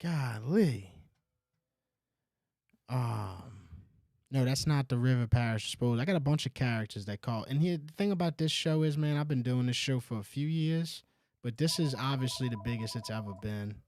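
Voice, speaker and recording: A man's voice: mid-range voice, animated, moderate pace, a little mellow, no echo, studio quality. A man hosting a casual sports call-in show, with laid-back, profane banter. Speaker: radio call-in show host.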